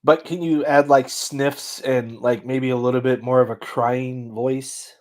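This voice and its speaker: A man's voice: mid-range voice, fairly even intonation, measured pace, darkish tone. A man hosting a comedy video, teasing an AI with mock-boastful banter in casual chat. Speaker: YouTube comedy host.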